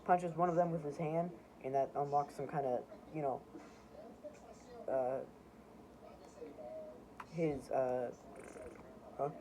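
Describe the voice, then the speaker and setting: A man's voice: on the high side, steady tone, slow pace, pauses often, highs cut off, noisy background. A man casually reading through his own homemade comics, rambling and correcting himself as he goes.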